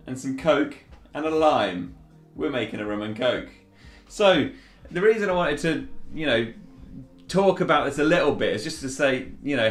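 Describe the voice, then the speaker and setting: Chatty man, echoey room. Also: mid-range voice. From Yorkshire, England. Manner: chatty and relaxed, with fillers and restarts. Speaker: bartender host. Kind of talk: casual cocktail demonstration.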